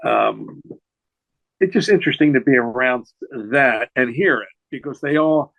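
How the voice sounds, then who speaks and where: A man's voice: mid-range voice, measured pace, vocal fry, no echo, phone-quality sound. A man in his sixties, a jazz saxophonist and teacher, telling stories in a casual interview, rambling with many restarts. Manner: rambling, full of restarts and "you know". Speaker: jazz saxophonist and educator, podcast guest.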